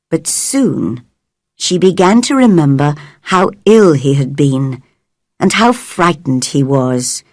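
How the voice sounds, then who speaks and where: A woman narrating a storybook for English learners in a slow, clear and expressive reading. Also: lowish voice, no room sound, clean studio sound.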